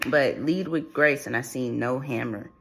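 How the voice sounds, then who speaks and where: A faint hiss or hum sits under this man's creaky, fairly bright, medium-pitched voice as he gives a channeled spiritual reading at a measured pace. He rambles, repeats, and restarts, padding with fillers.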